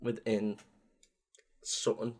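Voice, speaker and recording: A young man co-hosting a podcast, chatting about games in a lively way, laughing often and cutting in mid-sentence. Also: fairly low pitch, slow pace. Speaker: podcast co-host. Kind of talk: casual chat about video games.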